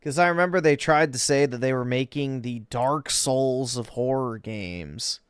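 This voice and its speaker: A man streams live and reacts to videos with blunt, sardonic remarks, speaking slowly and unhurriedly. His voice is smooth and clear. The close mic gives a dry sound with no room echo. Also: medium pitch. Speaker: livestreamer. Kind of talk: casual reaction commentary.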